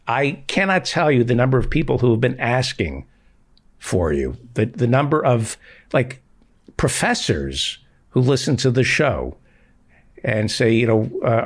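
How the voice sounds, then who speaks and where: A man hosting a podcast interview over a video call, with slightly halting introductions that repeat words. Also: medium pitch. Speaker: podcast host. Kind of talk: casual interview chat.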